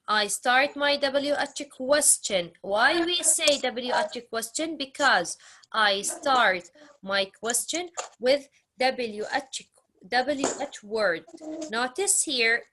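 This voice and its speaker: A woman's voice: on the high side, sharp tone, a little hiss or hum. A woman teaching English grammar, drilling question words over and over and stressing her question intonation. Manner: drills phrases with repetition and exaggerated question intonation. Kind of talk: slow classroom grammar lesson.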